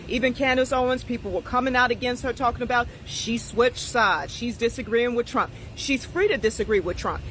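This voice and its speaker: Woman, political vlog commentary, firm and measured, bright tone, faint noise. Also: a little high.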